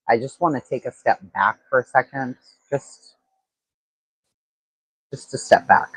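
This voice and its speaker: A true-crime livestream host, a man with a husky mid-range voice, rambles through casual commentary on a rough, echo-free recording. He thinks aloud, with frequent fillers and restarts.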